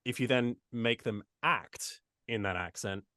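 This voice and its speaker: The speaker is a man from the United States with an English accent, a voice actor chatting casually in an interview, restarting often and adding asides. His mid-range voice sounds pushed and bright, at a measured pace. The studio sound is clean, with no room sound.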